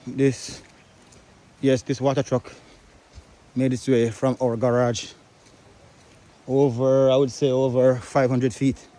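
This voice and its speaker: A man's voice: mid-range voice, little pitch movement, slow, pauses often, mellow. A man walking through a storm-wrecked truck yard outdoors, filming on a phone and narrating the damage in grief-stricken exclamations, often repeating himself. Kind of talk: handheld walkthrough narration.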